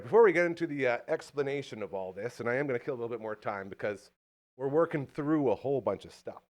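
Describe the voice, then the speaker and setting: Winded, joking man hosting live. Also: medium pitch. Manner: upbeat, joking, hyped. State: out of breath. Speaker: podcast host. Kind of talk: live local talk show.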